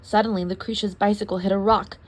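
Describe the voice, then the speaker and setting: A young adult woman reading a children's story aloud as storyteller, in a lively, expressive way. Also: medium pitch, fast talker.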